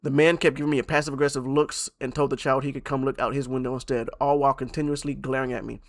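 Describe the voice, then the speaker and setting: A young man streaming and reacting to online posts. He swings from loud outbursts to low mutters and restarts his sentences often. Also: level tone, fast. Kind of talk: live-stream reaction commentary.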